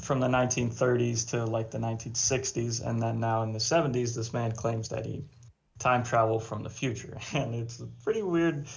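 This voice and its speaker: Gravelly rambling man, dull lo-fi sound. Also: medium pitch, steady tone, brisk. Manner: rambling, filler-heavy. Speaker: co-host reacting to a video. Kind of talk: casual reaction chat.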